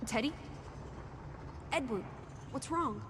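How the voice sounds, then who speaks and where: Casting note: a curt, bossy young companion in a game, slightly high voice. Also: female voice, lively intonation, takes it slowly, noisy background. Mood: uneasy. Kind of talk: video game voice acting.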